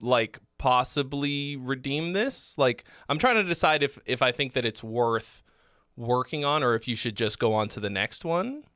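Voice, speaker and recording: A man hosting a live song-feedback stream, speaking bluntly with many fillers and frequent throat clearing. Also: mid-range voice, expressive, normal speed, bright, forceful tone, dry recording, studio quality. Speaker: host giving song feedback. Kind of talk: casual live critique.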